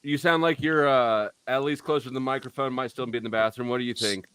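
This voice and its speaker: A man's voice: mid-range voice, steady tone, quick pace, a bit bright, smooth, no room sound. A man hosting a casual group call, crude and dismissive in tone.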